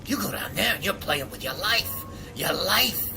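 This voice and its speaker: A man voicing a paranoid old male trader who lives in the sewers, talking excitably and repeating words with rising alarm in game dialogue. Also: high voice, normal speed, music in the background. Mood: agitated. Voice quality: gravelly.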